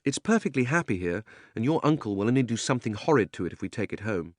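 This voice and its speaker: A man reading an audiobook, voicing a dreamy young girl with a high, airy, lilting voice. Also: big pitch swings, quick pace, a little mellow, no room sound, clean studio sound. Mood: urging. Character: dreamy young girl, curious then anxious.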